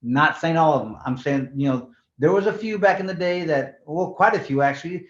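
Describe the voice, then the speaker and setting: A former California boxing champ in his sixties spins talkative, wandering stories for a relaxed interview, doubling up on words and mixing in Spanish slang. He speaks a touch high and a touch fast, captured in an echoing room with muffled lo-fi sound.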